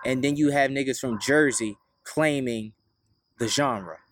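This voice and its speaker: A man's voice: mid-range voice, unhurried, a little hiss or hum. Slangy Baltimore man hosting a podcast outdoors. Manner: loose, slangy and profane. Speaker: podcast host. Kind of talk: casual podcast chat.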